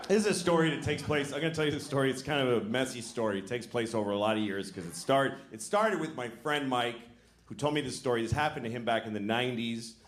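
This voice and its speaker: A man's voice: mid-range voice, fast talker. A middle-aged man doing a stand-up routine, telling a profane story in an exasperated way with sudden rants. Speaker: stand-up comedian. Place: live comedy venue with audience. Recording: live stage recording in a big hall with crowd and noise. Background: audience laughter.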